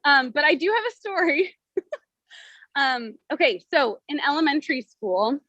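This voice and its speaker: A woman's voice: high voice, expressive, moderate pace, bright, forceful tone, no room sound. Chatty young woman telling a story. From Cleveland, Ohio. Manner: casual, chatty, many "um"s and "like"s. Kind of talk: personal storytelling over video call. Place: outdoors at a state fair. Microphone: video call. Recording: dull lo-fi video call audio.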